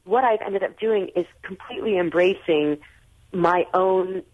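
A woman's voice: fairly low pitch, a little slow. An American woman in her forties chats as a radio guest author, restarting her sentences as she goes. She comes through a tinny, phone-like line. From United States. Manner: chatty, frequent restarts. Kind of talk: radio call-in conversation.

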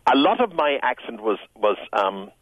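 An older man from Ireland with a soft Irish accent, smoothed by years in London, speaking as a radio guest in a reflective, musical way. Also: mid-range voice, very animated, normal speed, no echo, lo-fi sound. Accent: Irish, Tipperary, smoothed by years in London. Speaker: radio show guest, writer. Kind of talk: relaxed radio conversation.

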